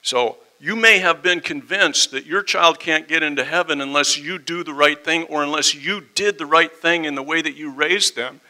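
A middle-aged man preaching a sermon as a pastor, impassioned, moving between loud emphasis and hushed tones. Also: a little high, normal speed, few pauses, poor audio.

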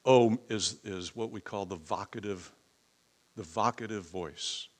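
A middle-aged pastor preaching in a fairly low voice. He teaches patiently, then climbs higher and louder when he drives a point home. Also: unhurried. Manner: preaching, swells loud and high for emphasis. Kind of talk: sermon.

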